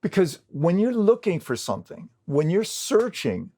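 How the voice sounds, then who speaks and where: A man's voice: sits high, wildly swooping pitch, moderate pace, dark tone. A man in his sixties, a recording engineer, telling a story and acting out the dialogue with other people. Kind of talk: storytelling interview talk.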